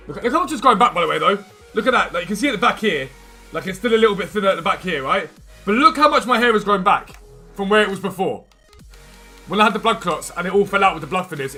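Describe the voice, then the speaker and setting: Give me a male streamer with a high, bright voice, rattling off quick answers to his live chat. He talks fast and keeps it chatty, with faint music under him.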